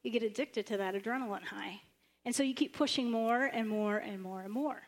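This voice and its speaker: Animated woman pastor preaching. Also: a little fast. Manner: animated, acts out the prophet's lines with sudden high bursts. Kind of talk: sermon.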